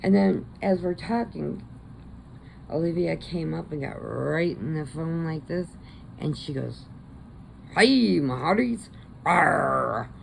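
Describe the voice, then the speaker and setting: Middle-aged woman, deep gravelly voice, slow easygoing vlog chatter. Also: slight background noise, poor audio. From American Midwest. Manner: chatty storyteller, animated quotes. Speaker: crochet vlogger. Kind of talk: casual chat.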